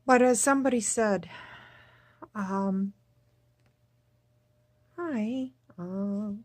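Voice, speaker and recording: A woman recording a personal video diary, speaking in a subdued, tearful, halting way and repeating herself. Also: mid-range voice, no room sound. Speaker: vlogger.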